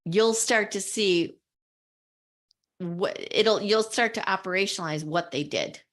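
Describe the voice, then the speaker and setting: A woman's voice: mid-range voice, unhurried, fairly bright tone. A woman co-hosting a podcast in casual discussion, speaking earnestly and with emphasis as she explains, sometimes quoting people in their own voices. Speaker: podcast co-host.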